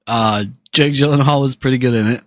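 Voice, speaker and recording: A man's voice: mid-range voice, fairly quick. A man chatting on a podcast, swearing freely, laughing a lot and acting out scenes in loose retellings. His voice sits mid-range and sounds close and dry, with no room echo. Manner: profane, laughing, acts out movie scenes. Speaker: podcast co-host. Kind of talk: casual podcast chat.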